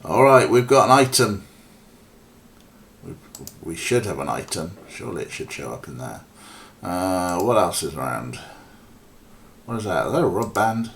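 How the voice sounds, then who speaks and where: A man's voice: deep voice, big pitch swings, normal speed, fairly bright tone. Rambling man streaming a game. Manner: rambling, mocking, swears, frequent ums. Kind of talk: casual let's play commentary.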